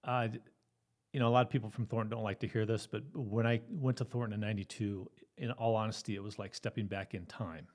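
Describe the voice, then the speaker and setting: A middle-aged man recounts his police days in an easygoing, chuckling way. His voice sits fairly low, and he fills his pauses with ums and uhs. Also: steady tone, a little mellow. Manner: easygoing storytelling, often laughing, with fillers. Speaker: guest, retired police officer. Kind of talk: telling his story in an interview.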